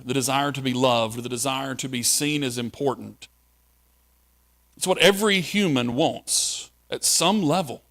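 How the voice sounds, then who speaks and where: A man's voice: on the high side, fairly bright tone. A male pastor preaching a sermon in a conversational way, asking the listeners questions.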